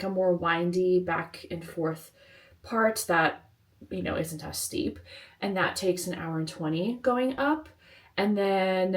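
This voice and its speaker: A woman's voice: on the low side, no echo, low-quality recording. A woman vlogging casually to camera, rambling with lots of fillers, out of breath as she hikes up a windy hillside. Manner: chatty, rambling, filler-heavy. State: out of breath while hiking. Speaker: travel vlogger. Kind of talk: casual vlog talk to camera. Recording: heavy wind noise on the mic.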